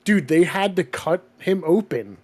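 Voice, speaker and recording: A man's voice: high-pitched, measured pace. A man in casual podcast chat, telling stories with lots of laughter and animation. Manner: animated storytelling, laughing often. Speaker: podcast co-host.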